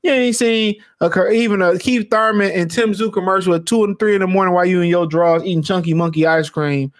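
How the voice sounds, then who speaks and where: Talking fast in a high male register, the podcast host launches into a lively, casual rant. Curse words and bursts of laughter run all through his commentary.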